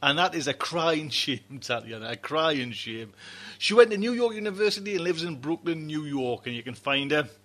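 A man's voice: a little high, expressive, moderate pace, fairly bright tone. A man hosting a fiction podcast, chatting in a rambling, heartfelt way with many restarts before introducing a story. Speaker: podcast host.

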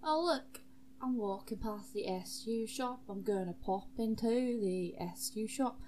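A woman's voice: fairly high pitch, measured pace, warm tone, a little hiss or hum, natural voice. A woman voicing a brash, crude male knight who swears freely and talks bluntly and offhand. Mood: breezy.

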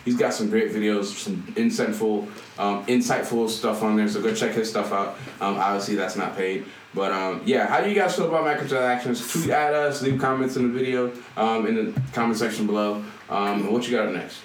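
A man co-hosting a casual gaming chat, telling stories animatedly and acting out characters. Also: a little fast. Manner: animated storytelling, acting out characters with big pitch jumps. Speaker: podcast co-host. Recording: echoey room, mic at a distance, faint noise.

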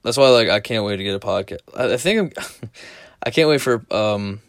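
A man's voice: fairly low pitch, expressive, normal speed, vocal fry, dry recording, studio quality. A young man telling crude, self-deprecating stories in a casual solo podcast, rambling and laughing. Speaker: solo podcaster and store clerk.

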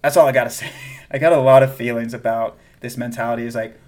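A Southern-accented man co-hosting a casual podcast. He talks in an animated way, laughs often, and trails off and restarts as he goes. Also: medium pitch, fast talker. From American South. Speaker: podcast co-host. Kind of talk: casual chat.

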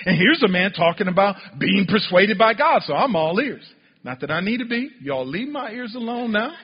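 Male preacher, high animated voice, dull lo-fi sound, long church-hall reverb, calls for congregation responses. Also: slightly rough. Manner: builds to fervent near-shouting when retelling scripture. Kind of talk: sermon.

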